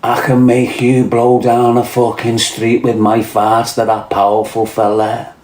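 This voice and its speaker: Scouse fella, swearing loads, cocky and blunt, roomy echoey sound. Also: male voice, mid-range voice, completely flat delivery, unhurried, a little mellow. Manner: profane, blunt, swaggering storyteller. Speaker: livestream host reading chat. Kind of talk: crude casual chat. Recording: roomy echo.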